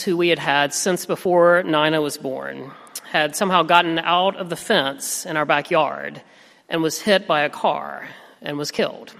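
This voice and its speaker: A man in his thirties preaching a sermon as pastor, telling a family story in a gentle, reflective way. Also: fairly high pitch, vocal fry. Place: church sanctuary. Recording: reverberant sanctuary.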